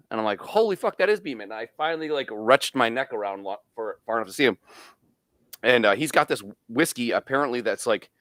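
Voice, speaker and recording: A man's voice: lowish voice, clean tone, no room sound, studio quality. A man, co-hosting a podcast and telling stories in casual banter, swearing freely. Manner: swearing, storytelling, animated. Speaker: podcast co-host.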